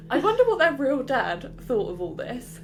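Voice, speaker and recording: Casting a bright, higher-voiced woman for a chatty, giggly podcast co-host, with a faint hum behind. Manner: giggly, rambling tangents. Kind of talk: casual chat.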